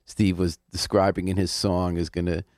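A man hosting a radio talk show, quick to interject with questions and comments. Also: sits low, level tone, darkish tone, dry recording, clean studio sound. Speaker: radio host.

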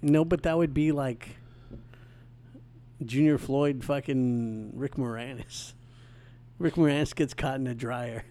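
A man's voice: mid-range voice, steady tone, noisy background. Wry man trading movie trivia. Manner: wry, quick with trivia, often laughing. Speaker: podcast co-host. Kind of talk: casual movie podcast chat.

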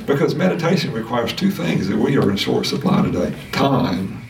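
A man teaching a casual Sunday school lesson, talking in a halting way with many restarts and fillers. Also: fairly low pitch, sing-song, vocal fry, darkish tone, slight background noise. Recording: roomy sound from a distant mic.

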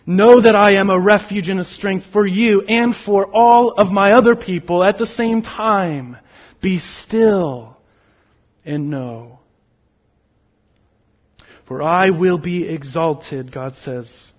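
A man preaching a sermon, slow and emphatic, with sudden drops to a near whisper on key words. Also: high voice, highs cut off. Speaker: pastor.

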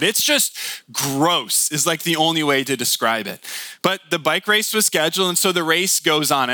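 Bright-voiced male pastor preaching. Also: a little high, no echo. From Michigan. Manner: conversational, asks listeners questions. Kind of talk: sermon.

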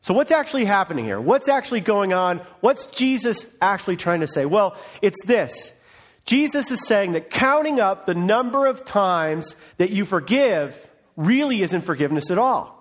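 A man's voice: high voice, big pitch swings, moderate pace. A man preaching a sermon as pastor, earnest and conversational, opening in prayer.

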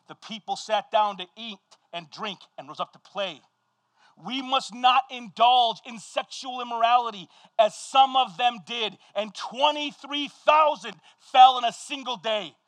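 High-voiced animated male pastor preaching. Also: dry recording. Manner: animated storytelling, shouting at peaks, quick asides. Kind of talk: sermon.

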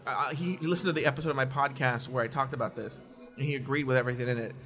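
A man in a mid-range voice talks rapid-fire as a podcast guest. In this casual chat he's candid and animated about his personal stories, now and then quoting people in mocking voices.

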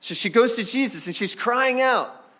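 A man's voice: very high voice, expressive, normal speed, a bit bright. A man preaching a sermon as pastor, talking straight to the congregation in a conversational way. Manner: acts out the people in the story.

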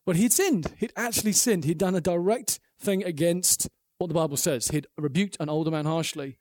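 A man preaching a sermon, earnest and animated, acting out the quotes in his stories. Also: a little high, normal speed, dry recording, clean studio sound.

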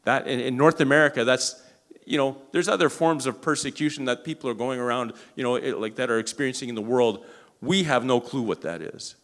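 A man preaching a sermon, telling a story in an animated way and often restarting or repeating words. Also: mid-range voice, brisk. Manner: animated, acts out quoted dialogue.

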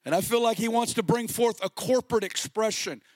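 A middle-aged man preaching a sermon with passion, sometimes rising to a shout. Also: high voice, a little fast, no room sound. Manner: impassioned, rising to shouts at peaks.

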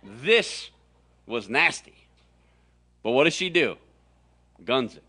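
Animated, bright-voiced joking preacher. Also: male voice, medium pitch, slow pace. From Florida, USA. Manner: animated, jokey storytelling with sudden exaggerated voices. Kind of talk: humorous sermon. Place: large room with audience.

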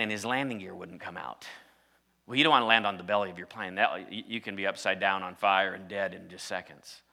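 A man preaching a sermon, telling a story and rising to loud, emphatic peaks. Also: mid-range voice. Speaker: pastor.

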